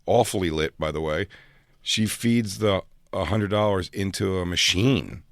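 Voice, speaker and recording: A man on a radio studio show, telling crude anecdotes and jumping loud and high when he quotes himself. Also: measured pace, vocal fry, dry recording.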